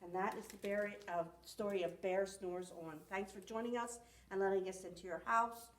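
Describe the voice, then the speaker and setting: A woman's voice: mid-range voice, fairly even intonation, moderate pace. A woman reading a rhyming picture book aloud at a library storytime with rhythmic expression. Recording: echoey room, far from mic.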